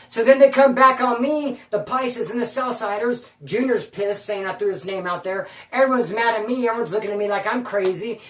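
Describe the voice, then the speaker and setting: A man's voice: high voice, a little fast, few pauses, fairly bright tone, far from the mic. A man telling a prison story in casual, profane slang, animatedly quoting the people in it. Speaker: storyteller recounting prison life. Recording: roomy, voice from afar.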